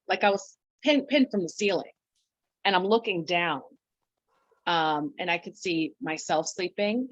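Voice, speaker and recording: A woman with a lowish voice tells her own story in conversation, stopping and restarting, quoting what she said to herself. The sound is dull and lo-fi, and quite dry. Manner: halting, full of restarts and quoted self-talk. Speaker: podcast guest.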